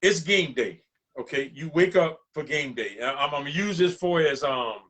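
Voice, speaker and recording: A man's voice: a little high, expressive, moderate pace, fairly bright tone. A middle-aged man, a retired coach hosting a talk show, chatty and telling stories while often calling his guest by name. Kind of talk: casual interview talk.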